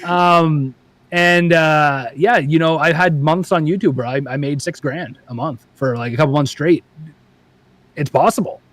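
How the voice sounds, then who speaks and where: A man's voice: a little high, moderate pace, dry recording. A man guest on a podcast, chatting casually and animatedly, acting out quoted voices as he tells stories. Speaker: paintball YouTube creator, guest.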